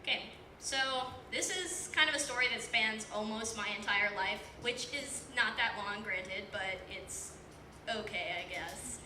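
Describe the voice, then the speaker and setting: Mid-range and unhurried, the eighteen-year-old's voice winds through a self-deprecating, filler-heavy story at a stand-up open mic. The small comedy club has a live audience, and the recording is distant and echoey with background noise.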